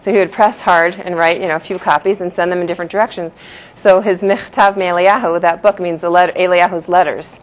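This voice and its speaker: A woman's voice: lowish voice, fairly even intonation, brisk. A woman teaching a Jewish philosophy class, explaining terms patiently and giving each in two pronunciations. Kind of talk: classroom lecture. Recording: dull lo-fi classroom recording.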